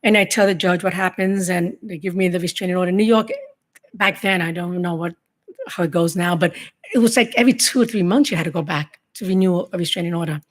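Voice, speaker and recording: A middle-aged woman telling her own story to a room of law enforcement, in a halting, emotional testimony full of restarts. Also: on the low side. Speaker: survivor giving a talk to law enforcement. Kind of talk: personal testimony speech.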